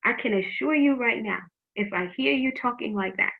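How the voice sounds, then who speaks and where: A woman's voice: on the high side, normal speed, gravelly. A middle-aged woman teaching teens in a faith-based talk, earnest and frank, often repeating words as she gives advice. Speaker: youth program teacher. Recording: tinny phone-like line.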